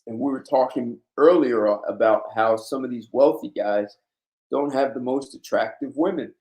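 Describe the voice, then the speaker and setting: A man's voice: medium pitch, moderate pace, a little mellow. A man hosting a blunt, emphatic monologue in a casual, lecturing way. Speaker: host. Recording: roomy echo.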